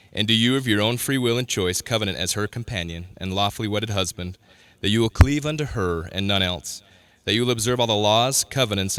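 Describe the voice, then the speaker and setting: A man with a fairly low voice officiates a wedding ceremony, speaking in a measured, formal and solemn way. His voice is smooth and resonant, and the recording is dry and close. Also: fairly bright tone, no echo.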